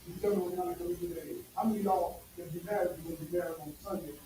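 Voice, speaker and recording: Guy preaching, gets loud then drops way down, echoey room mic far away. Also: high-pitched, fairly even intonation, racing, noisy background. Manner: loud bursts and sudden drops, emphatic. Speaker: pastor. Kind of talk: sermon.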